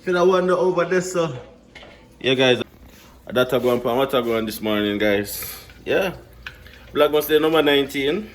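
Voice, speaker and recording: A man's voice: mid-range voice, animated, moderate pace, a little hiss or hum. A young man with a Jamaican accent chatting casually to his viewers in a home kitchen, laid-back and laughing often. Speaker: vlogger. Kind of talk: casual vlog chat.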